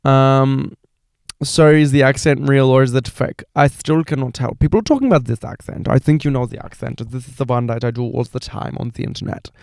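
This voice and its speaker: An Australian man in his twenties hosts a podcast, rambling casually through audience questions in an animated way full of filler phrases. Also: mid-range voice, brisk, creaky, clean tone, dry recording, clean studio sound. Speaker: podcast host. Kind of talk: casual solo chat answering questions.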